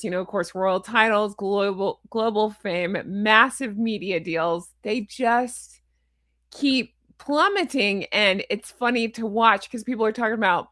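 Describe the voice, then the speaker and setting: A woman's voice: medium pitch, a bit bright, no room sound, studio quality. A woman hosting her channel, talking through a book recap in a casual, playful way and laughing often. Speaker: channel host.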